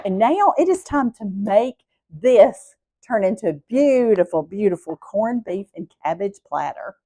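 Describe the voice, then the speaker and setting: A woman's voice: mid-range voice, lively intonation, unhurried, warm tone, no echo, studio quality. Chatty Southern woman cooking. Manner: homey, chatty, addresses viewers as y'all. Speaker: cooking show host. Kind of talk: casual cooking vlog.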